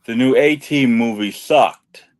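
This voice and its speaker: A young man co-hosting a podcast, rambling with restarts and cursing in casual banter. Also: medium pitch. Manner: rambling, profane, halting restarts. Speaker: podcast co-host.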